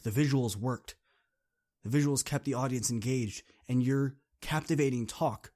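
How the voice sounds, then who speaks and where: A man's voice: medium pitch, darkish tone. Brief: male podcast host, casual chatty second-person storytelling.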